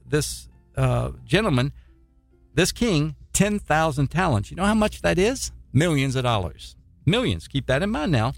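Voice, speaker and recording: A man preaching a sermon, reading scripture and explaining it in a halting way, with repeated words and fillers. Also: mid-range voice, dry recording.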